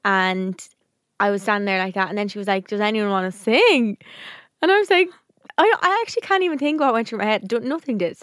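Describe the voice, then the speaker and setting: Fast-talking young woman. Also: medium pitch, no echo, studio quality. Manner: animated storytelling, swearing, quick asides. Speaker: podcast co-host. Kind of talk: casual chat.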